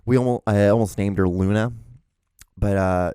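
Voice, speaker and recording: Dark-voiced man rambling casually at home. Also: on the low side, fairly even intonation, normal speed, smooth, no room sound, clean studio sound. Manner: rambling, profane, frequent restarts and fillers; gushing affection for his dog. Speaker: podcast host.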